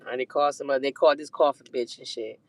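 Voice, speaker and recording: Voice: medium pitch, very fast. Rambling, profane storyteller. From Detroit. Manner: rambling, profane, animated retelling. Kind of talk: casual storytime monologue.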